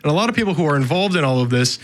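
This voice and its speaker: A man's voice: on the high side, animated, racing. A man co-hosting a casual history podcast, explaining points thoughtfully with restarts and hedges. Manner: thoughtful, hedging explainer with restarts and "you know". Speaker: podcast co-host.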